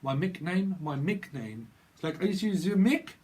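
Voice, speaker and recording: A man's voice: high-pitched, expressive, normal speed, a little mellow. A man with a British accent giving a rambling, free-associating tarot reading, laughing often and dropping into silly voices. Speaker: tarot reader.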